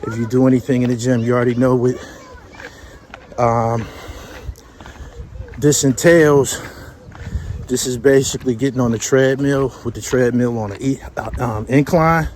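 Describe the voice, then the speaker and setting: A slightly winded man talks straight into his phone while hiking an outdoor trail, his manner blunt, profane and joking. Plenty of background noise rides under his mid-pitched voice. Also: steady tone, moderate pace, pauses often, a little mellow. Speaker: vlogger host. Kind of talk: casual travel vlog.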